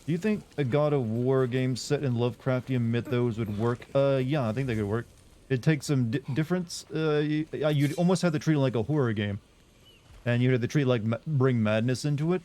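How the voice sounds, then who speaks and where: A man's voice: mid-range voice, a little fast, dark tone. A young man from the American South talks with only a faint Southern US twang, his mid-range voice rambling along in loose, chatty gameplay commentary. He jokes at his own expense and answers chat as he plays. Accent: subtle Southern US. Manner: rambling, chatty, self-deprecating. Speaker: streamer.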